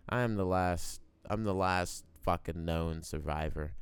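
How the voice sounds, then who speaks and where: Deep gravelly young man rambling. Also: a little slow, no room sound. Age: 20s. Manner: rambling, profane, musing aloud; smoking while talking. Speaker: podcast host. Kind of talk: unscripted solo podcast monologue.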